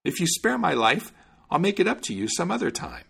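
A solemn, dignified stork pleading for his life in a raised voice, as a male narrator puts him on. The tone is slightly husky and rises and falls widely. It fits a storybook fairy tale. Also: sits high, very animated, brisk, a bit bright, pitched above the performer's own voice, full character voice.

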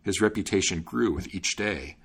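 A man narrating a storybook fairy tale in a low, slightly husky voice. His reading is expressive, with wide, lively swings in pitch. It has the steady flow of storybook narration. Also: moderate pace.

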